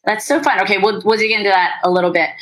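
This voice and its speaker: A woman's voice: mid-range voice, steady tone, fast, a bit bright, low-quality recording. A woman hosting a marketing podcast, chatting casually and upbeat with her guest and laughing often. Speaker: podcast host. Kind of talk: casual interview chat.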